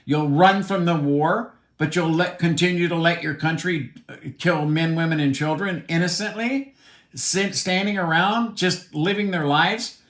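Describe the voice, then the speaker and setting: A man's voice: fairly high pitch, measured pace, a bit bright. Blunt, heated man in a roomy space. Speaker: commentator. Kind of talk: opinionated monologue. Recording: roomy echo.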